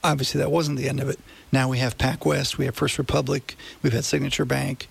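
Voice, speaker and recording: A man with a gravelly, husky voice hosts a radio money show. He explains things in an easy, conversational way and often checks that listeners follow him. He speaks into a studio microphone. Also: medium pitch, level tone, fairly quick. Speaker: radio finance show host. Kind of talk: casual radio talk.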